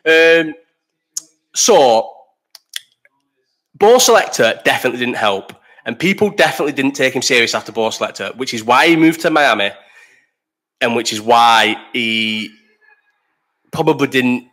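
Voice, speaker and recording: A man's voice: mid-range voice, moderate pace, pauses often, a bit bright. Young Bolton-accented male host, casual live chat, blunt and sweary. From Bolton, England. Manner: blunt, sweary and opinionated, jumping between topics.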